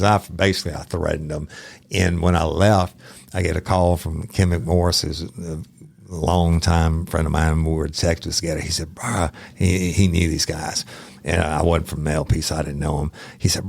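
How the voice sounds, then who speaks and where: Brief: man, ex-detective podcast co-host, deep gravelly voice, profane and blunt. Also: little pitch movement, normal speed, a little mellow, no echo. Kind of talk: casual storytelling chat.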